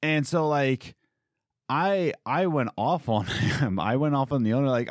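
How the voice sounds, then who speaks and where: A man's voice: medium pitch, measured pace, no room sound, clean studio sound. Exasperated young man venting about work. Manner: rambling, exasperated venting with mocking quoted voices. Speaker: coffee shop worker. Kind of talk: casual chat.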